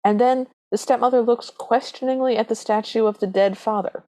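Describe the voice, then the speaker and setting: Slightly high and mellow, with a steady tone, a woman speaks a little fast as she co-hosts a podcast. In casual chat she retells a movie's plot from her notes, peppering it with dry, wry asides.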